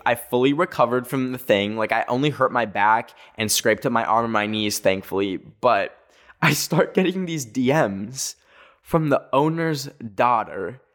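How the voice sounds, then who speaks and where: A man in his twenties telling a personal story in a casual, animated way, with lots of fillers and frequent laughs. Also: mid-range voice. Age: 20s. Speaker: host.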